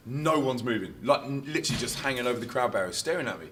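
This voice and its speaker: Animated man telling stories. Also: medium pitch, rapid-fire, few pauses, over a noisy crowd. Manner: animated, laughing, acts out quotes loudly. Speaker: touring Christian musician, interview guest. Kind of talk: casual anecdotal storytelling.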